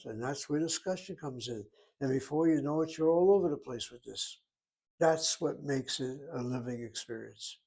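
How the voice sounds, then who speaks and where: An older man teaching a Hebrew class, patiently explaining and slowly spelling out words. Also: on the high side, a little mellow. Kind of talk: classroom lesson.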